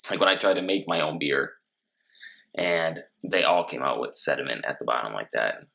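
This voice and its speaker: A man's voice: extremely low pitch, moderate pace, gravelly, sharp tone, low-quality recording. A man in his thirties co-hosting a casual beer-tasting chat, laid-back and teasing. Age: 30s. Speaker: co-host.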